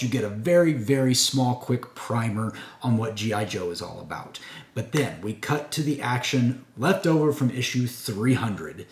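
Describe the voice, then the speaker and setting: A man's voice: medium pitch, darkish tone. A man reviewing a comic book in a casual, rambling way, with fillers and self-corrections. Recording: echoey room.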